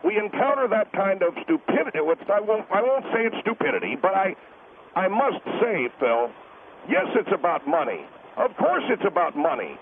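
A man's voice: high-pitched, big pitch swings, normal speed, noisy background, pitched above the performer's own voice. A man voicing a pompous middle-aged taxpayer advocate who calls in to a radio show, lecturing and refusing to be interrupted. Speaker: caller guest. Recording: tinny phone line.

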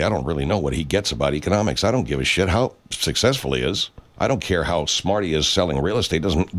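Host: man, low-pitched, swooping delivery, angry profane sarcastic ranting. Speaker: political commentary host. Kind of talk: profane political rant.

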